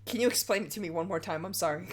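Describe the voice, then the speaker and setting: A woman voicing a shaken, timid man in a tabletop game, speaking in a hushed, hesitant way. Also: very high voice, lively intonation, normal speed, pitched above the performer's own voice. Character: shaken, timid man trying to stay polite.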